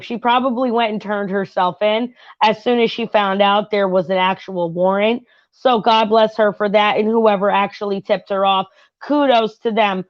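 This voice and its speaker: A chatty woman giving a tarot reading at home, talking in a rambling way with fillers and frequent asides to her viewers. Her voice sits at an ordinary middle pitch. The recording is dry and a little dull and lo-fi. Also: dry recording. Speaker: tarot reader and channel host. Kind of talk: casual tarot reading chat with reality TV commentary.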